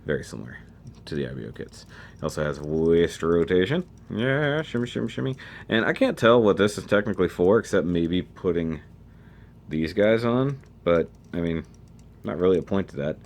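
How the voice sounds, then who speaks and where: A man with a very low voice gives a relaxed, chatty review of a model kit. He thinks aloud while turning the pieces over. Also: normal speed. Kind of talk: casual product review.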